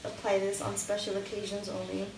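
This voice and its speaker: A young woman does her makeup at home, chatting with some hesitation and thinking aloud in a mid-range, monotone morning voice that's fairly quick. This beauty vlogger's recording is noisy and echoey, taken with a mic at a distance, while a shower runs in another room.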